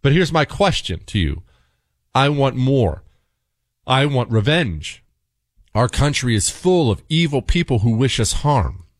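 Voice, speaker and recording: A man's voice: mid-range voice, very animated, unhurried, dry recording, studio quality. Fiery, emphatic male talk radio host. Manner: emphatic, fiery and blunt, with rising outbursts. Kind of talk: talk radio commentary reading listener mail.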